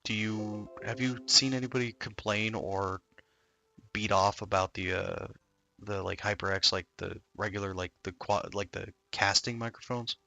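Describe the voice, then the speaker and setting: A man's voice: on the low side, steady tone, a little slow, creaky, pushed and bright, faint music behind. A man chatting casually on a stream, telling long stories full of fillers. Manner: rambling storyteller, many fillers. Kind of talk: casual chat.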